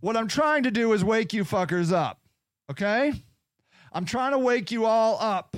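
A man hosting a podcast, delivering a profane, combative political rant that swings between loud jabs and muttered asides. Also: extremely high pitch, lively intonation, unhurried, clean tone, dry recording, studio quality. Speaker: podcast host.

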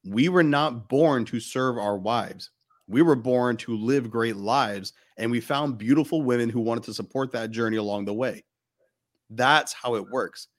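A man in his thirties hosts a casual podcast conversation. He talks bluntly and emphatically, drops frequent curses and pushes his points hard. His voice sits at an ordinary middle pitch for a man. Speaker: podcast host.

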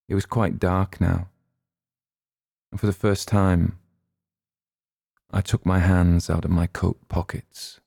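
A man narrating a dark first-person story and chatting as podcast host, earnest and halting with small stammers. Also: low voice, little pitch movement, creaky, dry recording, clean studio sound.

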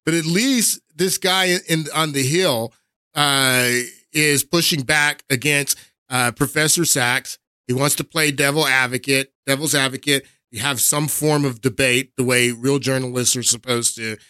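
A man's voice: mid-range voice, fairly even intonation, a little slow, bright, forceful tone, smooth, dry recording. Casual male commentator, dry close sound. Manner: loose, restarting phrases. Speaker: commentator reacting to a clip.

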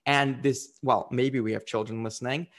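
Earnest man coach, mid pitch. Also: fairly even intonation, normal speed, a bit bright. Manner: earnest and reflective, with frequent fillers. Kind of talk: candid interview conversation.

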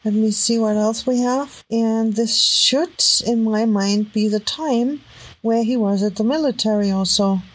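A woman with a heavy German accent, hosting a podcast and thinking aloud in casual commentary as she reads web posts, halting with fillers and restarts. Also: fairly high pitch, poor audio. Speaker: podcast host. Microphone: home microphone.

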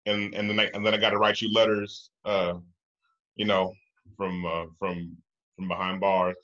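A man's voice: sits low, completely flat delivery, normal speed, a bit bright, lo-fi sound. A man co-hosting a podcast in casual chat, hesitant with many fillers. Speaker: podcast co-host.

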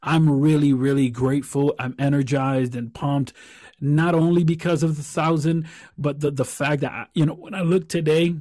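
A man with a fairly high voice hosts his own podcast alone. He talks earnestly and reflectively, circling back over his words as he thinks aloud. The sound is dry and close. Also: steady tone, moderate pace, darkish tone, dry recording. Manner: earnest, repeats phrases while thinking aloud. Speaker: podcast host. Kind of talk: reflective solo podcast talk.

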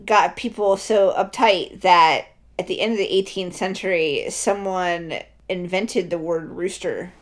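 A woman in casual chat, relaxed and giggly, sharing bits of trivia. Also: on the low side, a little slow.

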